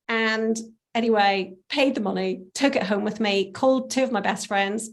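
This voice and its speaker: A woman, a stylist, telling a personal story in conversation, animated and laughing often. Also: mid-range voice, moderate pace. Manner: animated, laughs often, acts out quoted voices. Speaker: stylist, interview guest.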